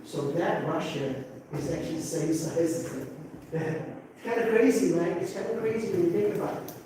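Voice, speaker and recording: A man's voice: a little high, expressive, normal speed, noisy background. A man in his sixties from Africa, teaching a class in a conversational way, asking rhetorical questions and checking in with "okay?". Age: 60s. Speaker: English teacher. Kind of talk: classroom talk to students. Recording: very echoey room from far off, faint ambience.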